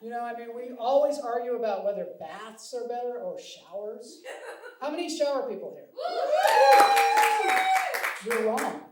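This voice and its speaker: A man's voice: very high-pitched, animated, moderate pace, pauses often. A middle-aged man from Seattle doing a stand-up comedy set, wry and self-deprecating, acting out bits of dialogue. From Seattle, USA. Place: live comedy stage with audience. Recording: echoey room, distant mic, audience noise.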